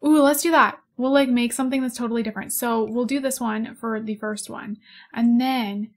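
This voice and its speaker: A woman's voice: on the high side, fairly even intonation, normal speed. A young woman in her twenties chatting casually over gameplay, rambling, giggling and gushing over cute animals. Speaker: gaming YouTuber. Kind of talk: casual let's-play chat.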